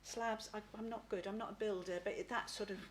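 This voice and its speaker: A middle-aged woman giving a live spirit reading as a psychic medium. She talks haltingly, repeats words and often asks "please?". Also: medium pitch, fairly even intonation, slight background noise.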